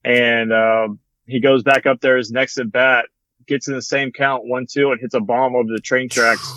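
A young man, a former bat boy, telling a story in casual chat, with lots of fillers and a relaxed manner. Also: medium pitch, moderate pace, no echo, low-quality recording. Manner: relaxed, rambling, many fillers like "like" and "you know".

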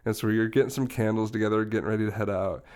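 A man's voice: lowish voice, steady tone, racing, a little mellow, smooth. A young man on a podcast, casually telling a long story with frequent laughs and restarts. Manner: rambling, laughs often while telling a story. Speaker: podcast co-host.

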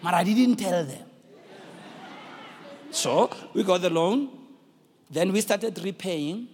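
A middle-aged man with a South African accent preaching a sermon, telling a story and calling out to the congregation in shouted, sung-out bursts. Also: high voice, expressive, takes it slowly, in a large hall, some chatter behind, slight background noise. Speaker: pastor.

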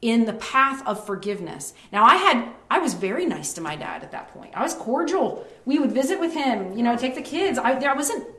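A woman's voice: a little high, big pitch swings, fairly quick, hardly any pauses, sharp tone, reverberant. A woman in her thirties sharing a faith testimony in casual talk, earnest and rambling as she tells stories. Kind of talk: faith-based testimony chat.

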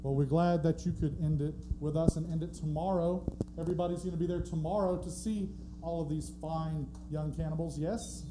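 A man's voice: a little high, fairly even intonation, brisk, few pauses, noisy background. A man co-hosting a live podcast on a theatre stage, asking questions in a jokey, upbeat way. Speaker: co-host.

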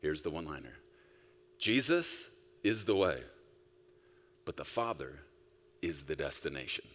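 A male pastor preaching a sermon, emphatic, swinging between loud bursts and soft, quiet stretches. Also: very deep voice, animated, unhurried. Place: church sanctuary. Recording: long reverb of a large hall.

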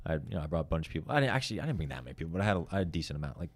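A stand-up comedian telling a heated, profane story in casual chat. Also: male voice, a bass voice, sing-song. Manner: fast, profane, heated retelling.

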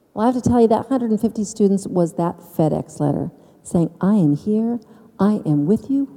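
A woman telling her personal faith story to an audience, with dramatic pauses and emphasis. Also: medium pitch, warm tone, long reverb tail. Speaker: speaker giving faith testimony. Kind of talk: personal testimony speech.

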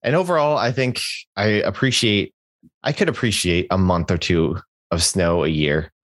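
Low-voiced man in easy banter. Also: moderate pace, fairly bright tone, dry recording. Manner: joking, easygoing, lots of restarts. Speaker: podcast co-host. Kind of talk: casual chat.

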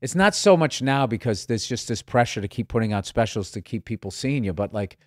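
A man's voice: mid-range voice, lively intonation, brisk, no echo. Male stand-up guest, casual and profane, midrange voice, dry recording. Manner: profane, rambling storyteller with many restarts. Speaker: comedian guest. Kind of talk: casual chat.

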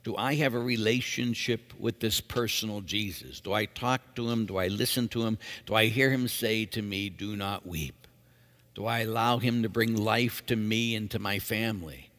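A priest with a very deep, steady, slightly bright voice reads scripture in a solemn, measured way before preaching an earnest homily. A long church reverb rings out behind him.

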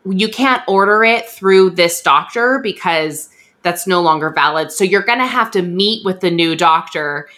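A young woman hosting a podcast, telling a story in a chatty, animated way and acting out what others said. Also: lowish voice, moderate pace. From USA. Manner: chatty, animated, acts out quoted voices. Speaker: podcast host. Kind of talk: casual storytelling chat.

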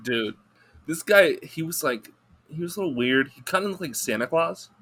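A man's voice: a little high, expressive, moderate pace, a bit bright. A man guesting on a podcast, telling a rambling, profane story in casual chat and laughing through it.

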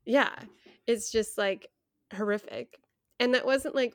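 A woman's voice: fairly high pitch, unhurried, no room sound, clean studio sound. A young adult woman co-hosting a podcast, talking frankly and earnestly with frequent laughs. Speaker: podcast co-host. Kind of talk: casual chat.

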